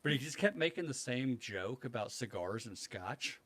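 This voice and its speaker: A man in his thirties co-hosting a podcast, telling a loose, profane story. He acts out the other people's lines as he goes. His voice sits at an ordinary middle pitch. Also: normal speed. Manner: profane, animated anecdote telling with acted quotes. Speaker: podcast co-host.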